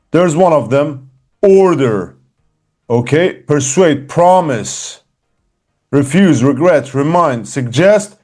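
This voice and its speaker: A man teaching an English lesson, slow and patient, encouraging his students. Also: high voice, darkish tone. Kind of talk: classroom lesson.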